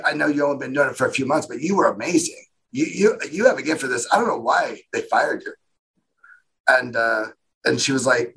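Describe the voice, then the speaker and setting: A man, a guest in a casual interview, telling his story in a rambling, animated way and acting out what other people said. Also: mid-range voice, slightly rough, poor audio. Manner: rambling, animated retelling with quoted voices.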